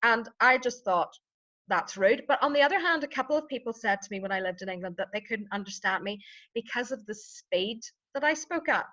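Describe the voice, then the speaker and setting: A woman's voice: on the high side, animated, brisk, pushed and bright, dull audio. A woman with a Northern Irish accent, a vocal coach telling anecdotes and explaining things in casual podcast chat. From Northern Ireland.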